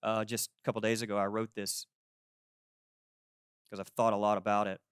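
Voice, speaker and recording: A man in his forties preaching a sermon as pastor, conversational and lively, acting out the people he quotes. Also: fairly low pitch, normal speed, clean tone, no echo, studio quality. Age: 40s. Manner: conversational, animated, acts out quoted voices.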